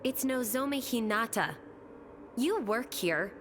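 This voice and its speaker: A woman voicing a poised, teasing student council president in a video game, speaking briskly and mildly scolding. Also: fairly high pitch, expressive, background noise.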